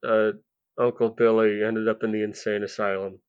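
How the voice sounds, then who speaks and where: A man's voice: lowish voice, little pitch movement, normal speed, smooth, narrow, tinny audio. A man from Iowa co-hosting a movie podcast, answering in short, dry quips. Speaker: podcast co-host. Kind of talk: casual movie chat.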